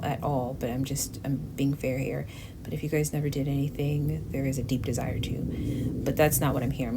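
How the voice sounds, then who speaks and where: A woman giving a casual tarot reading to her viewers, chatty and emotive, often dropping to a near whisper. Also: deep voice. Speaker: tarot reader. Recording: steady background noise.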